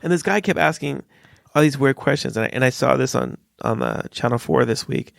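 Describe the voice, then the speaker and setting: A man's voice: mid-range voice, fairly quick, creaky, no echo, clean studio sound. A man talking casually as a father sharing stories, acting out the voices of people he quotes. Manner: animated storyteller who acts out quoted voices. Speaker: father sharing his story. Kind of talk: casual conversation.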